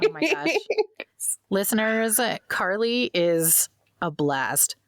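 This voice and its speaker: An American woman co-hosting a podcast, relaxed and chatty. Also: mid-range voice, takes it slowly, no echo, studio quality. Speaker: podcast co-host. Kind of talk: casual chat.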